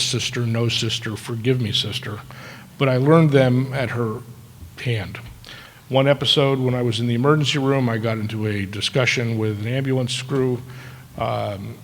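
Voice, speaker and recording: A man in his sixties giving a storytelling ceremony speech as keynote speaker, with dry, self-deprecating humor. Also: mid-range voice. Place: large auditorium. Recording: echoey hall with long reverb.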